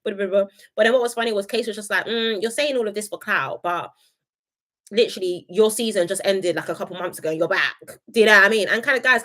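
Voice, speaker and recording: Young adult woman, casual live-stream reviewer, animated and opinionated. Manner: chatty and opinionated, reads viewer comments aloud; animated, jumps between high excited greetings and low asides.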